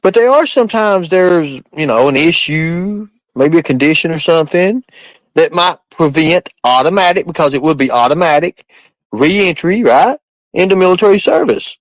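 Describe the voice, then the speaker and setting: A man talking casually on a live stream, his voice a little higher than most and swinging up and down a lot as he goes. He rambles, repeats himself and keeps firing questions at his viewers. The sound is dry and close. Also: lively intonation, moderate pace, no room sound, poor audio. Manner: rambling, repetitive, quizzing the chat. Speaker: livestream host.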